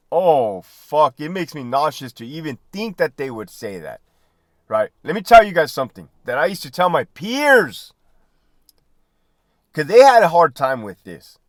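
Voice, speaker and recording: Animated, high-pitched swearing man. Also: dry recording, studio quality. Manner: animated, swearing, laughing often. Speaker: podcast host, former prison guard and army veteran. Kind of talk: casual profane monologue.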